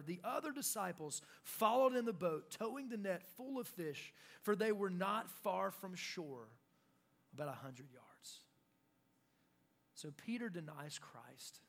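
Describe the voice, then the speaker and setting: A young adult male pastor preaching a sermon in an animated way, acting out quotes. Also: sits high, unhurried, vocal fry. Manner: animated, acts out shouted quotes.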